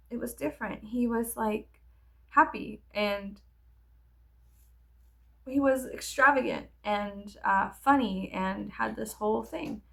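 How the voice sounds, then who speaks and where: A woman with a gravelly, fry-laden voice talks through memories while getting ready. She rambles and restarts often and fills gaps with "um" and "like." Her voice sits at an ordinary pitch for a woman. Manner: rambling, halting, lots of fillers. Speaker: vlogger. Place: at home with animals nearby.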